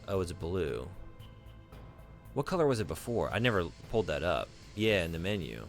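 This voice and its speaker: Deep gravelly guy streaming a game, rambly, voice bouncing all over, answers chat. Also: very animated, normal speed, faint music behind. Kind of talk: casual gaming stream chat.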